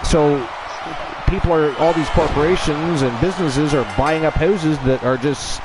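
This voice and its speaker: A man's voice: a little high, normal speed, noisy background. A man hosting a live stream, rambling casually and bursting into hyped announcer calls. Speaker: host.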